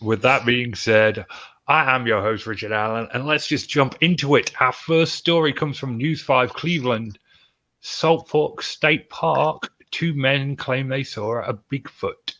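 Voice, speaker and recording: A man's voice: mid-range voice, measured pace, pushed and bright, no echo, low-quality recording. Joking man hosting a podcast. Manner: joking, sarcastic asides. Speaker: podcast host. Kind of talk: casual podcast chat and news reading.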